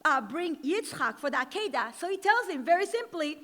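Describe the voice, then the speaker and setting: High bright woman speaking in a hall. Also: lively intonation, quick pace, few pauses. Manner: repeats key words for emphasis, storytelling. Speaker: speaker at an education gala. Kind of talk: inspirational speech. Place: large event hall. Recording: long hall reverb.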